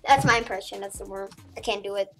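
A woman giving casual commentary over her own gameplay as a streamer, excitable and prone to shouting and squealing when she gets hyped. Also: mid-range voice, fast, soft background music. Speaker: gaming streamer.

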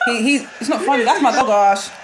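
A young woman reacting live to a football match, excitable and quick to shriek and laugh. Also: fairly high pitch. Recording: loud crowd noise behind. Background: crowd noise from the match broadcast.

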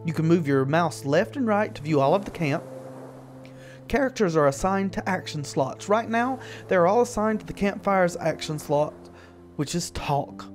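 Relaxed man commenting on a game. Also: high-pitched, normal speed, soft background music. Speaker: gaming video host. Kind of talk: let's-play commentary.

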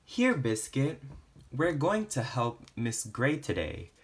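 A man reading a picture book aloud to children, gently, with playful barks and meows for the animals. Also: mid-range voice, sing-song, slow. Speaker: storytime reader.

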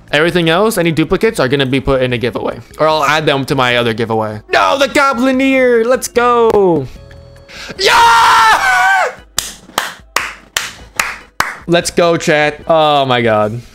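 A young man giving casual, jokey commentary while opening game cases, excitable and swearing, his voice jumping up when he gets hyped. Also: on the high side, clean tone. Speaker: gaming streamer.

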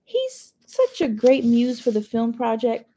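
A woman voicing a gentle, worried mother who speaks softly and coaxingly, with a husky voice. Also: fairly high pitch, very animated, a little slow, full character voice. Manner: soft, coaxing.

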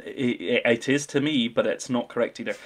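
Male podcast host, middle pitch, playful and eager. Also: brisk. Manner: playful, enthusiastic, teasing. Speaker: podcast host running a film quiz. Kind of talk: casual chat.

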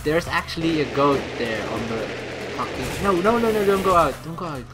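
A let's play gamer giving excitable gameplay commentary, swearing freely and laughing often, with game music playing behind. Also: medium pitch, brisk.

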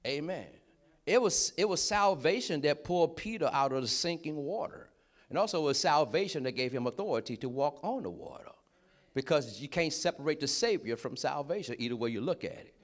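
A man preaching a sermon in a lively, conversational way, breaking in with short affirmations and laughing as he talks. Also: fairly high pitch, fairly quick. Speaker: pastor.

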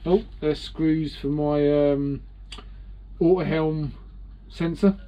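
A man's voice: a little high, fairly even intonation, slow, mellow, poor audio. Chatty British man vlogging from his boat. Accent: British English. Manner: rambling, chatty, self-mocking. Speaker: sailing vlogger. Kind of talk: casual vlog to camera.

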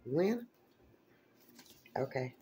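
A woman giving a casual tarot reading, animated and exclamatory, with plenty of salty, profane asides. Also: extremely low pitch, extremely slow, slight background noise. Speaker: tarot reader.

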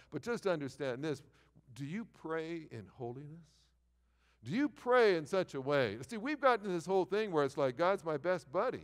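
A middle-aged man preaching a sermon, telling stories with lively, stop-and-start phrasing. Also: a little high. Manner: animated storytelling with repeated false starts. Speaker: pastor. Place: large church sanctuary. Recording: long hall reverb.

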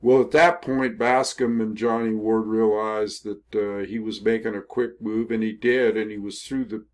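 An older man telling a history story in a casual, rambling way, with many pauses, fillers and self-corrections. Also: on the low side, little pitch movement. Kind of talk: casual spoken history narration over photos.

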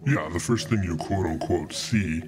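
Inner voice, male, played by the host, very low and dry, teasing explainer in scripted podcast banter. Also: normal speed, loud music behind the voice, natural voice. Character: host's own inner voice, a smarter male self, dry and teasing.

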